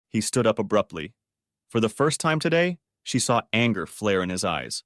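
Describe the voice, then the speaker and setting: A man narrating a dramatic story in a steady, scripted reading. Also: fairly low pitch, moderate pace, no room sound, clean studio sound. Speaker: audiobook narrator.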